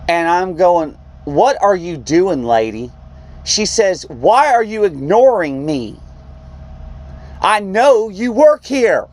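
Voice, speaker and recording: A man's voice: high voice, slow pace. A man, a truck driver, telling a story in a vlog and acting out the people in it. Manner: animated storyteller, acts out quoted voices.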